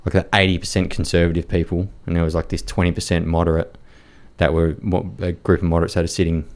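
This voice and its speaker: A man with a very low voice talks bluntly as a podcast guest. He rambles through a story, peppering it with fillers and the odd curse word. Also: little pitch movement, quick pace. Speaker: podcast guest, war reporter. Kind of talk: casual storytelling chat.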